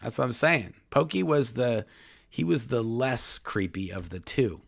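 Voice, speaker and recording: A man's voice: mid-range voice, expressive, unhurried, vocal fry. A man co-hosting a casual live podcast Q&A, chatty and talking straight to his viewers. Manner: chatty, reads viewer comments aloud, addresses "folks". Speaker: podcast co-host.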